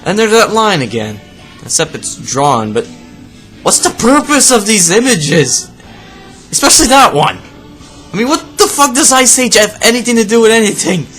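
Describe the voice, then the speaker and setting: A man's voice: high-pitched, sing-song, normal speed, fairly bright tone, soft background music. A man giving sarcastic, profane reaction commentary on a video, ranting at what he sees. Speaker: video reviewer.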